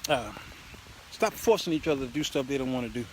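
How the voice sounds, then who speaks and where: A man's voice: mid-range voice, quick pace, slight background noise. A man, hosting his own show, telling a story by phone and acting out both sides of the talk. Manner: animated, acts out both sides of a conversation. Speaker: host. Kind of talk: casual live-stream storytelling. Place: outdoors in the rain, then in a car.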